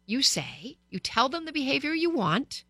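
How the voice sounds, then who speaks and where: Bright-voiced woman radio host. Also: sits high, normal speed, dry recording. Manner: lively, storytelling, direct to listeners. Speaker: radio talk show host. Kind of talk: radio advice talk. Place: radio studio. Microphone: studio microphone.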